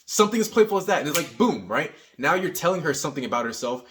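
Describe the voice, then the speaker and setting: A young man giving casual dating advice, energetic and teasing, tagging his points with "right?". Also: a little high, fast, noisy background. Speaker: dating coach. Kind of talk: casual coaching monologue.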